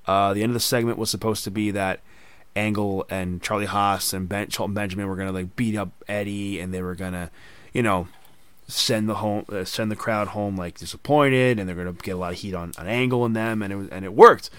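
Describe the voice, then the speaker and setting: A man's voice: on the low side, fairly even intonation, a little fast, a bit bright, smooth. A man hosting a casual podcast chat, telling stories animatedly and acting out quoted voices. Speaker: podcast host.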